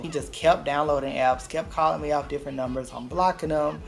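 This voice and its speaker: Gravelly-voiced man. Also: fairly high pitch, steady tone, fast, few pauses. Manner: blunt, profane, dramatic retelling. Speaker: vlogger. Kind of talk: casual storytime vlog.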